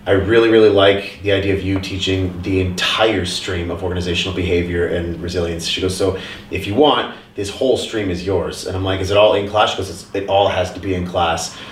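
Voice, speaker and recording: A man hosting a casual group chat, telling stories in an animated way and swearing casually. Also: low-pitched, a little fast, a little hiss or hum. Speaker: podcast host. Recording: roomy, distant phone audio.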